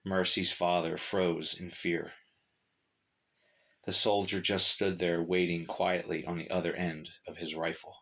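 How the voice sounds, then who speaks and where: A man narrating a short story in a measured, steady reading. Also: low-pitched.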